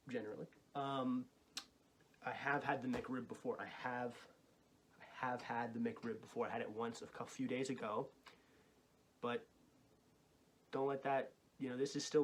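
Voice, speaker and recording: A man hosts a comedic food review from a small, bare white room, his voice sitting at an ordinary middle pitch. He rambles in mock-grandiose, deadpan tones, trailing off and restarting often. A faint hiss lingers under the camera mic. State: breathless with excitement.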